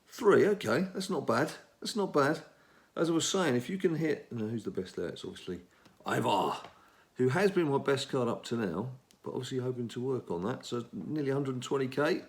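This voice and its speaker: A middle-aged man from England hosts a gaming channel, giving casual commentary on a mobile game as he plays. He rambles chattily and talks to himself, his medium-pitched voice lively in intonation at a normal speed.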